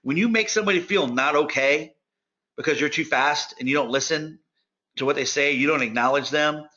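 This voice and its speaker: A man giving a sales training talk, direct and energetic, speaking to his listeners like friends. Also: a little high, a little fast, highs cut off. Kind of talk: instructional talk.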